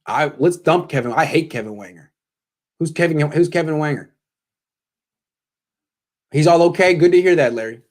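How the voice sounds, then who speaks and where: Sarcastic man hosting a lively sports stream. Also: a little high, moderate pace, long pauses. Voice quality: voice cracks when excited. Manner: sarcastic, self-deprecating, gets worked up. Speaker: sports show host. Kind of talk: live-stream postgame chat reading donations.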